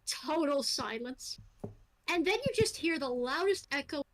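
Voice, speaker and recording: A woman running a tabletop role-playing game, narrating scenes casually with wry asides. Her voice sits high. She fills gaps with loose fillers. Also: lively intonation, a little slow, low-quality recording. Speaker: game master.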